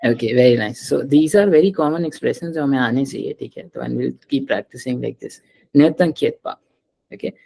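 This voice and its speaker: A man's voice: medium pitch, very fast, vocal fry, warm tone, low-quality recording. A man teaching a French class, patiently drilling pronunciation and slipping into Hindi.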